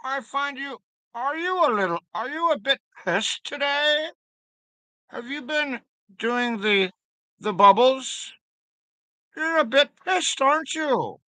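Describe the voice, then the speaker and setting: A man's voice: very high-pitched, expressive, takes it slowly, pauses often, bright, forceful tone, no room sound, voice pushed up, full character voice. A man putting on a cheeky mock British bloke. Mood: teasing. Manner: exaggerated British slang, plummy delivery.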